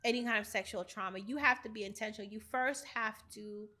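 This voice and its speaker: A woman's voice: medium pitch, bright, forceful tone. A middle-aged woman talking earnestly about healing as a guest on a podcast interview. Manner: earnest, measured, speaks with conviction. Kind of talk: candid interview talk.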